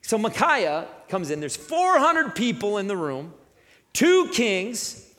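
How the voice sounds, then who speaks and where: A man preaching a sermon in a conversational, animated manner, acting out the story as he tells it. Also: sits high, takes it slowly, long reverb tail.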